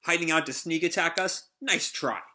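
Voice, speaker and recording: A man's voice: fairly high pitch, normal speed, pushed and bright, voice pushed up. A man doing a cocky hedgehog hero. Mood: teasing. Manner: flippant, joking.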